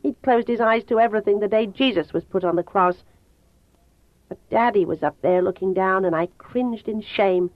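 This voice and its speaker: A woman narrating a novel aloud in the first person, measured and brooding. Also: medium pitch, no echo. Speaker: audiobook narrator. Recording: tinny phone-like dry sound.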